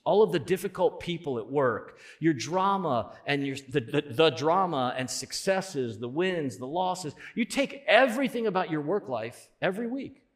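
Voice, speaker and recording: A man preaching a sermon as pastor, conversational, swelling loud on key points. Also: a little high.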